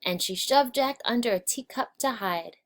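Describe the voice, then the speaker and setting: A woman narrating a children's story aloud, expressive and changing her pitch and volume with the story. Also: normal speed.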